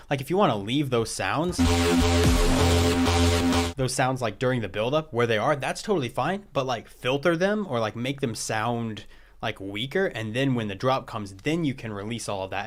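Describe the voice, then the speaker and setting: A man giving casual live-stream feedback on listeners' tracks as a music producer, relaxed and loose, often saying "like" and laughing at himself. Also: mid-range voice.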